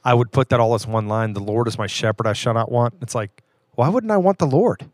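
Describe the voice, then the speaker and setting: A man's voice: medium pitch, fairly quick, a little mellow, no room sound, clean studio sound. A man in his thirties co-hosting a podcast, telling earnest stories in casual chat. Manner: earnest, storytelling. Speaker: podcast co-host.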